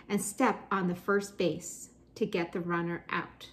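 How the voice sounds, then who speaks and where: A woman's voice: fairly low pitch, a little slow, hardly any pauses. Woman teacher reading poems aloud. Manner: expressive reading, gentle explanatory asides. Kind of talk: read-aloud poetry lesson.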